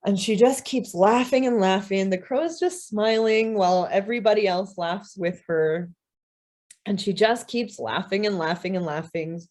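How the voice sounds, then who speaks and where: A woman speaker telling a story aloud at a talk, vivid and expressive, with repeated phrases for rhythm. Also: mid-range voice, normal speed. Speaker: guest speaker, scholar.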